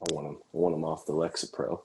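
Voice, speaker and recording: A man's voice: very deep voice, level tone, quick pace, gravelly, warm tone, a little hiss or hum. A man co-hosting a podcast, trading crude jokes in casual chat. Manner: joking, crude banter. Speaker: podcast co-host.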